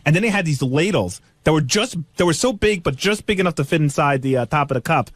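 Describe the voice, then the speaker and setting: A man rambling excitedly through a story, the way a radio show staffer chats. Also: fairly high pitch, fast talker, no room sound, clean studio sound.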